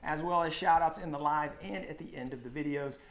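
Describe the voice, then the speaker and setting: An upbeat man in his thirties co-hosts a casual live stream and talks loudly. He greets viewers by name in an energetic, infomercial-like way. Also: fairly high pitch, a little fast. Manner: upbeat, loud, shouting out viewer names. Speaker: co-host of a woodworking live stream.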